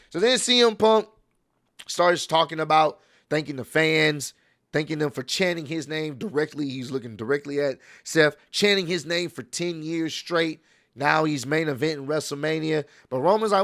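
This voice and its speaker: Animated man retelling a wrestling show. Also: a little high, moderate pace, dry recording, studio quality. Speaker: wrestling recap host. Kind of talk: casual recap commentary.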